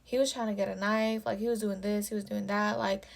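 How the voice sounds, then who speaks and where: With a medium-pitched voice, vocal fry, and a flat, brisk delivery, a young woman recounts a personal story for her storytime vlog. It's casual and full of swearing, with "like" dropped in constantly.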